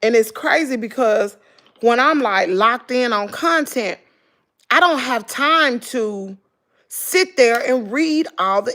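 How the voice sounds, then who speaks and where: A middle-aged woman with a Southern American accent, chatting casually on a livestream, telling stories animatedly and mimicking her daughter. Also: a little high. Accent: Southern American English. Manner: animated storytelling, mimics her daughter, talks to viewers as "girl" and "y'all". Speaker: vlogger.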